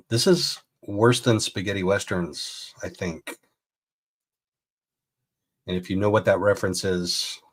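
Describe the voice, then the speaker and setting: Brief: low-voiced male host, rambling, incredulous reaction commentary. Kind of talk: casual commentary reacting to a video.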